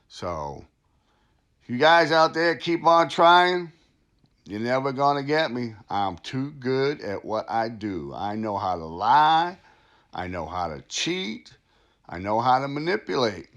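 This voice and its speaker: A man playing a gravelly, bragging crooked official. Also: on the low side, fairly bright tone, heavily acted. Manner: smug, bragging, laughing at himself. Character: boastful crooked male town official, middle-aged. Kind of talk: satirical comedy monologue.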